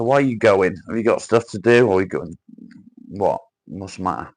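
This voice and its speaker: Expressive and low-voiced, a man talks at a moderate pace while reading comments on a casual livestream, swearing freely and greeting viewers by name. He's from Cheshire, England, with an accent that blends northern English and South Welsh.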